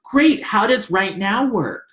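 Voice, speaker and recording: Guy doing a quick helpful young desk worker girl, echoey room. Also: sits high, animated, a bit bright, heavily acted. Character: brisk young female student desk worker. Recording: roomy echo.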